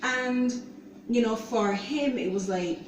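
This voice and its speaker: A woman hosting her own show, giving an earnest, halting personal testimony and often saying "you know". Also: on the high side, highs cut off, slight background noise. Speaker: show host sharing her own story. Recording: roomy echo, voice distant from mic.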